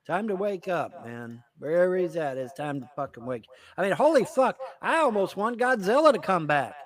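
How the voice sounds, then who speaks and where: High-voiced man ranting with lots of cursing. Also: very animated, moderate pace. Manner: angry, cursing, mocking. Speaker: host. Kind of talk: profane political rant.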